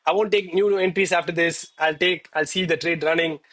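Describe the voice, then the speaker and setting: A young man streaming live from home on a headset mic, hyped and out of breath after exercise, talking excitedly to his chat. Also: on the high side, fairly quick. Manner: hyped, exclaiming, addresses chat as bro.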